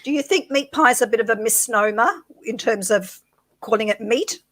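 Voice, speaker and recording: A woman's voice: fairly high pitch, a bit bright. Chatty Australian woman co-host. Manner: chatty, encouraging, quick to laugh. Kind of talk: casual live-stream chat.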